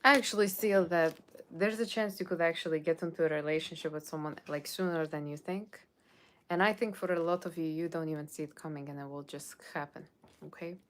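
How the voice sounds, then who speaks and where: A woman's voice: low voice, steady tone, a little fast. A woman giving a live tarot reading, chatty and rambling, reading viewers' comments aloud and answering them in a playful put-on Halloween voice. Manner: puts on a playful Halloween character voice; loose, rambling delivery with frequent "okay?" and "like". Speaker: tarot reader.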